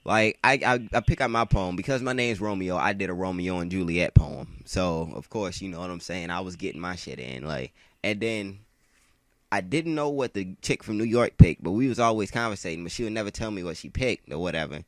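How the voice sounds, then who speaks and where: A man with a lowish voice tells a story over gameplay. His delivery is slangy and rambling, full of "like," with frequent swearing. The sound is dry and close. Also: animated, fairly quick, dry recording. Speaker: gamer telling a story.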